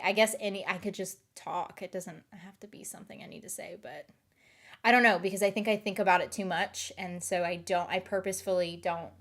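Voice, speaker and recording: Rambling woman with a light Southern lilt. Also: lowish voice. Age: late 20s. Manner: rambling, hesitant, many fillers. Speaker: streamer. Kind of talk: casual chat.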